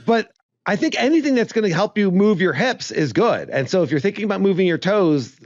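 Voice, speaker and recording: A man's voice: sits high, lively intonation, brisk, dry recording, highs cut off. A man co-hosting a casual mountain bike podcast, enthusiastic and reflective, sometimes stumbling over his words. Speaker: podcast co-host. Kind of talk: casual chat.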